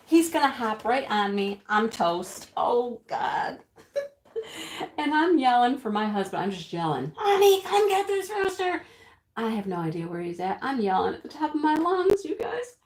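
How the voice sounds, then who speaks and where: An actress plays a chatty middle-aged livestreamer, telling viewers a dramatic rooster story breathlessly and with giggles in an animated sketch-comedy monologue. Her medium-pitched, everyday-sounding voice swings widely in pitch at normal speed, with a roomy echo.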